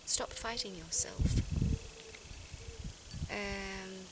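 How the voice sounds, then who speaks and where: A woman's voice: mid-range voice, drawn-out words. A woman speaking reflectively to her viewers in a personal vlog, earnest and searching, often restarting her sentences. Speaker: vlogger. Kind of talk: reflective personal talk to camera. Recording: outdoor noise behind voice.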